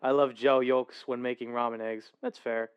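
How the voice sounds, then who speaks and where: A man's voice: medium pitch, level tone, normal speed, smooth. A man streaming casually for his viewers, rambling, correcting himself and laughing as he reacts to a video.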